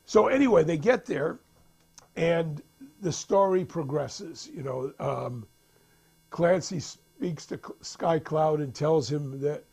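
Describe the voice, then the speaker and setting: In a casual retelling of a film's plot, a man rambles along with lots of restarts and fillers, acting out the characters' lines as he goes. His voice is fairly high and slow-paced, creaky and husky with a slightly mellow quality.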